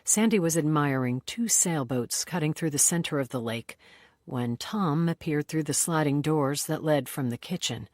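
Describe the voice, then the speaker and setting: A narrator reading a crime novel aloud in an even, measured storytelling voice. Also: mid-range voice, no echo, studio quality. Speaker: audiobook narrator. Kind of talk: scripted narration.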